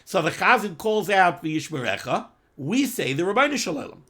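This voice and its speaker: Lively high-voiced man teaching. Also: moderate pace. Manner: animated, quotes texts in Hebrew and Yiddish-flavored pronunciation. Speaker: Torah teacher. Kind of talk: daily halacha class.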